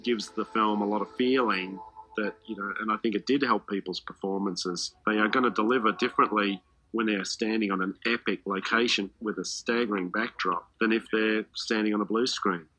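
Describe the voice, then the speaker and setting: A man's voice: on the low side, steady tone, fairly quick, pushed and bright, dry recording, poor audio. A man interviewed in a documentary, explaining his view thoughtfully.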